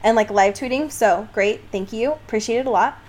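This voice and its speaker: A woman's voice: fairly high pitch, fairly quick, darkish tone. A young woman co-hosting a casual podcast, reading fan fiction aloud and often breaking into laughter. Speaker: podcast co-host.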